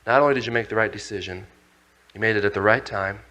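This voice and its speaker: A man voicing a gentle, grave heavenly father who speaks softly and solemnly to his children. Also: on the high side, very animated, highs cut off, heavily acted. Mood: tender. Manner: soft, slow and solemn.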